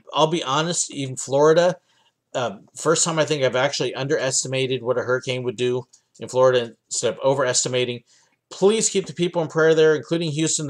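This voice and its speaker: A young man from the United States hosting a livestream Q&A from his home office, chatting casually with lots of ums and uhs. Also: a little high. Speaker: livestream host answering viewer questions.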